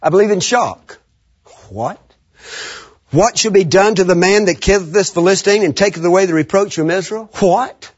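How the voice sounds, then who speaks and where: A man preaching a sermon, animated and laughing often, leading the congregation in call-and-response. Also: sits high, a little fast, few pauses, slightly rough. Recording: muffled lo-fi sermon recording.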